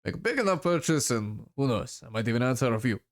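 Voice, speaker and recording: A man's voice: mid-range voice, animated, fast talker, lightly acted. A man voicing an imposing older arms dealer who speaks in a curt, demanding way.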